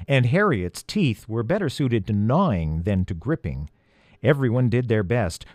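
A man narrating a children's storybook chapter, expressive and slowing down for the dramatic moments. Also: mid-range voice, dry recording, studio quality. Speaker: audiobook reader.

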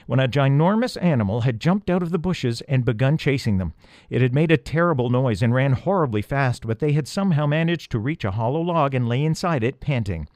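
A man reading a children's storybook aloud, gently, with asides to the listener. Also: mid-range voice, no room sound, clean studio sound. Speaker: audiobook reader.

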